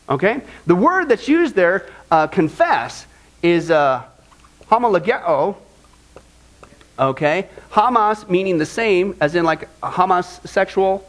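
Animated high-voiced preaching man. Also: rough recording. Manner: conversational, animated preaching with frequent "okay?" checks. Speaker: pastor. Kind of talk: sermon.

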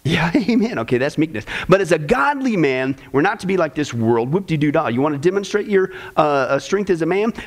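A man teaching a discipleship class in a casual, folksy way, with sarcastic humor and chuckling asides. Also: sits high.

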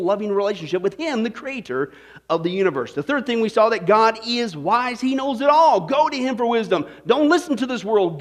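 A male pastor preaching a Bible study, telling a joke and firing questions at the congregation by name. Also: high-pitched. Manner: animated, quizzes the congregation by name. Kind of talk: sermon with joke.

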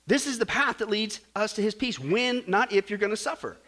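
A man preaching a sermon, animated and jokey, acting out stories and swinging between loud and soft. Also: high-pitched, brisk. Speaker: pastor.

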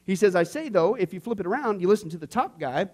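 A man's voice: high voice, quick pace. A man teaching a Bible class in a conversational style, checking in with "okay?" and acting out inner voices. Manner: animated, frequent "okay?" asides, acts out inner voices. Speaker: pastor teaching a discipleship class.

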